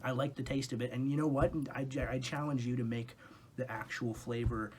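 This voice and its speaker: A young man gives a comic review of fast food, rambling off on tangents and launching into sweary rants. His voice is middle-pitched, steady and a little mellow, and faint noise and occasional clicks can be heard in his dim room.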